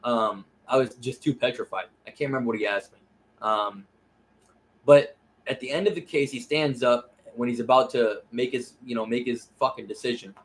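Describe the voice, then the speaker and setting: A man's voice: mid-range voice, moderate pace. A young man casually telling a personal story, emotional and profane, often repeating "I said" and "you know what I mean.". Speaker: vlogger.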